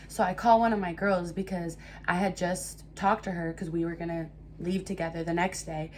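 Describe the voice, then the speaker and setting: A young woman telling a casual storytime to her viewers, animated and swearing freely. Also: fairly low pitch, moderate pace, few pauses, slight background noise. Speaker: storytime vlogger.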